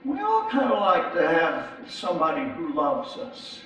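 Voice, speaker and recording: This middle-aged pastor's fairly high, slightly bright voice swoops wildly in pitch as he preaches, unhurried and conversational, repeatedly restarting and echoing his own words. He is distant from the mic, and the large sanctuary's hall echo comes from far off.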